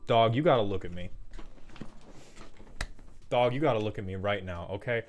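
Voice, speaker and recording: A man's voice: fairly low pitch, normal speed, a little mellow, muffled recording, a little hiss or hum. A man hosting a casual commentary video, reviewing viewer decks in a profane, exasperated rant. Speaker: host roasting viewer decks.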